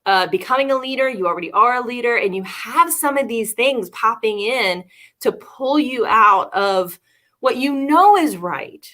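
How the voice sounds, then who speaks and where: Bright, chatty woman hosting a livestream. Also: a little high, expressive, moderate pace. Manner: chatty, laughs often, addresses viewers directly. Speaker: co-host. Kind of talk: casual livestream talk.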